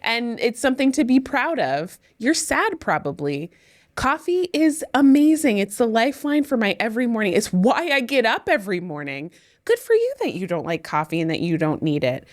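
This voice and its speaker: A woman and former teacher co-hosting a casual podcast, talking in an expressive, ranting way. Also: on the high side. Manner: expressive, ranting, quick laughs.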